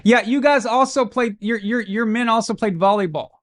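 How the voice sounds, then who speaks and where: A man's voice: very high-pitched, normal speed. A man from Arkansas hosting a live football watch-along stream, giving casual commentary full of crude, brash, mocking humor.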